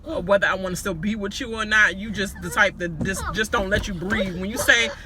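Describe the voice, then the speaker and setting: A woman giving a casual, blunt recap of a reality show, animated and full of profanity. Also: mid-range voice, a little fast, noisy background.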